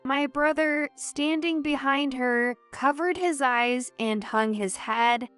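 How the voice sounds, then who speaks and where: Slow, clear woman story narrator. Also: sits high, soft background music. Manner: even, measured storytelling. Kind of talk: first-person story narration.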